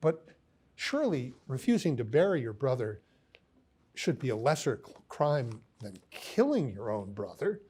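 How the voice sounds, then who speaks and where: Slow, hesitant male lecturer. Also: medium pitch, very animated, darkish tone, husky. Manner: halting, many ums and restarts; reads quoted lines aloud. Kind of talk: recorded philosophy lecture.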